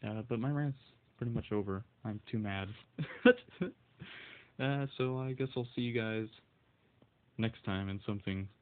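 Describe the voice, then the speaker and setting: A man's voice: on the low side, normal speed. Furious swearing man, tinny sound. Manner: furious, swears constantly, stumbles over words. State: voice shaking with anger. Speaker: video game vlogger. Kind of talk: angry solo rant.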